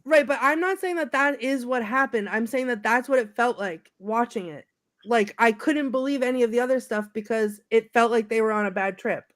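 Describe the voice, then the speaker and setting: A woman co-host chatting about a film in a slightly high voice. She talks in halting bursts, restarts her sentences and trails off into low mutters. The recording is close and dry, with no room sound. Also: no echo. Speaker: podcast co-host. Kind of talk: casual chat about a film.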